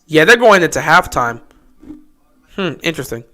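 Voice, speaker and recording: A man hosting a livestream, giving casual play-by-play commentary and reacting loudly to big plays. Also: normal speed, a little hiss or hum. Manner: excitable, swings from low musing to loud shouting on big plays; chatty, talks straight to players and chat. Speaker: livestream host calling the game.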